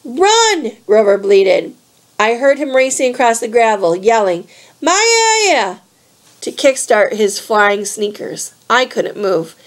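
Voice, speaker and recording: A woman reading a novel aloud in a steady, clear storybook manner. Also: medium pitch, unhurried. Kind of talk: read-aloud narration.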